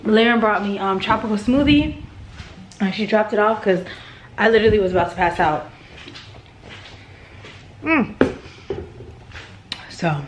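A tired woman talks straight into her handheld camera, rambling and chatty. Her voice sits at a middle pitch, with a faint hiss behind her. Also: unhurried, long pauses. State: tired and out of breath. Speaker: vlogger. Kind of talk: casual vlog chat to camera.

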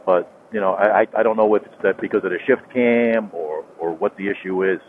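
A man, talking casually into a helmet mic while riding his motorcycle on a rural highway, rambling with lots of fillers and restarts. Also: brisk. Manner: rambling, repeats himself, many fillers and restarts. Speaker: motorcycle vlogger. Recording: tinny phone-like helmet mic with road noise.

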